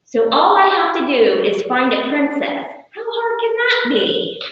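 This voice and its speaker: A woman voicing an eager, innocent young male frog who talks high and wide-eyed, heard from far off in an echoey hall. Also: sing-song, a little slow, highs cut off, heavily acted. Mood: excited.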